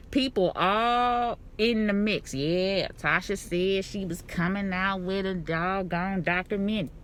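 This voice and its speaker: A woman's voice: on the low side, a little hiss or hum. A woman talking casually to camera while doing her makeup, laughing and cursing as she rambles and repeats herself. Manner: animated, laughing, swearing freely, repeats herself; talks while putting on lashes and makeup. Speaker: vlogger. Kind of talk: casual commentary vlog. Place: alone at home.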